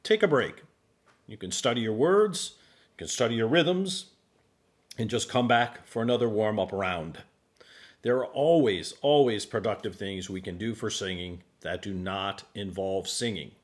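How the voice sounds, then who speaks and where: A man leading a singing warm-up lesson as a voice teacher, calm and encouraging. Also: lowish voice, a little slow. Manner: calm, encouraging instructor, demonstrates sung vowels. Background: piano accompaniment.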